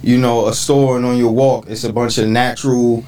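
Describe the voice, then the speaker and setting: A man's voice: mid-range voice, normal speed, distant mic, a little hiss or hum, rough recording. Man, casual podcast talk, reflective and easygoing, slightly off-mic. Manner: relaxed, reflective, with frequent affirmations. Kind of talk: casual chat.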